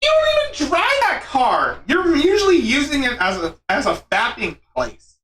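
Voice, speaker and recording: A man's voice: extremely high pitch, huge pitch swings, normal speed, a bit bright, a little hiss or hum. A man hosting a live stream commentary, mocking and sarcastic, saying he is losing his voice.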